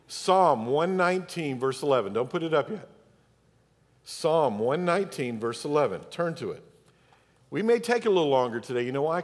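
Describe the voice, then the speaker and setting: A man preaching a Sunday sermon as pastor, emphatic and speaking directly to his congregation in a church. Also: medium pitch. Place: church sanctuary. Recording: long church hall reverb.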